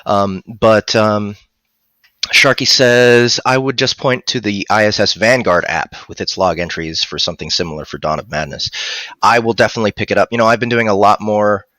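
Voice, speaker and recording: A man's voice: fairly low pitch, moderate pace, pushed and bright, dry recording. A man chatting casually on a livestream about narrating audiobooks, rambling with restarts and fillers.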